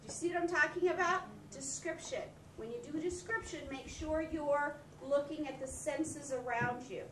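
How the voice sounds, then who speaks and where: A woman teacher explaining a writing lesson to a class in an animated way. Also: high-pitched, normal speed, slight background noise. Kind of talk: classroom instruction. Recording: echoey classroom from far off.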